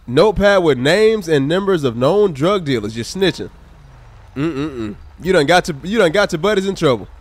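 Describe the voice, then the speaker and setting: A gaming livestreamer plays a police game, cracking jokes and giving shout-outs to viewers in the chat. His voice is a little high and expressive, at a normal speed.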